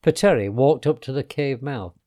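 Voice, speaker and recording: A man reading a children's storybook aloud in an expressive way, letting his voice drop softly on the speech tags. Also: mid-range voice, normal speed.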